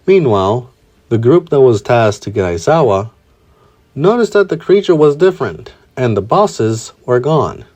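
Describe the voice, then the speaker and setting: A man narrates a fan-fiction story in a plain, steady reading voice. His pitch sits at a typical middle level for a man. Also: a little slow.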